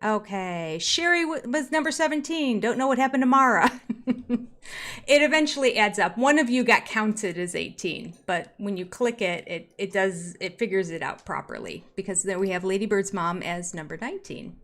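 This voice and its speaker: An older woman in her sixties hosting a relaxed live stream from home, reading out viewers' comments one by one. She talks in a chatty, easygoing way, with small laughs between comments, and her voice sits at an average pitch for a woman. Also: normal speed. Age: 60s. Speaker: YouTube host reading live chat. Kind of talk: casual live-stream chat.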